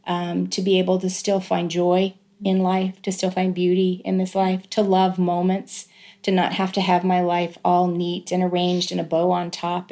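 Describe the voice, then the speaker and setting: A middle-aged woman, a guest in a conversational interview, telling a personal story in an earnest, reflective way with many pauses. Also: lowish voice, completely flat delivery, mellow. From Southern California.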